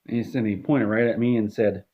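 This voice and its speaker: A man in deadpan comedic storytelling, rambling with restarts. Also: fairly low pitch, a little fast, dull audio.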